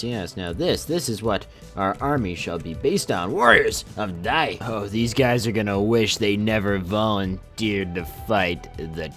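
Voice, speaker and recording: A man's voice: lowish voice, a bit bright. A man giving casual, sarcastic let's-play commentary while playing a strategy game. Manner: sarcastic, playful, exclaiming. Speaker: gaming YouTuber.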